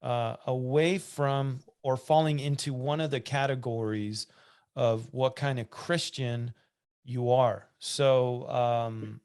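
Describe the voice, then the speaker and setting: A man's voice: medium pitch, fairly even intonation, takes it slowly, a little mellow, clean tone. A man hosting a church podcast, reading listener questions aloud and chatting with asides. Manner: conversational, reads aloud with asides and restarts. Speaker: podcast host.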